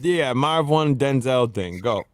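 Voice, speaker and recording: A man hosting a podcast, chatting casually, laughing often and breaking into disbelieving shouts. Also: mid-range voice, lively intonation, slow, no room sound, studio quality. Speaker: podcast host. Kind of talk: casual chat.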